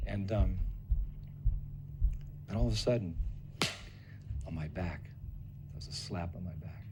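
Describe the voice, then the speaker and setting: A man's voice: fairly low pitch, unhurried, pauses often, noisy background. Older man telling a personal story. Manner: animated, acts out other people's lines. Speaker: devotee recalling memories.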